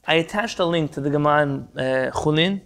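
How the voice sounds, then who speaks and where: A man's voice: on the high side, brisk, gravelly, a bit bright. A man teaching a Talmud class over a video call, translating Hebrew terms, quizzing the class and jumping between points. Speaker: Torah teacher.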